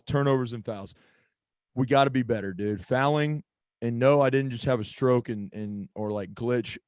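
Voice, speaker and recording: A man's voice: medium pitch, a little mellow, dry recording. A man co-hosting a casual sports podcast, rambling and often stopping to search for a name or lose his thread. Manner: rambling, self-interrupting, loses his train of thought. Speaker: podcast co-host.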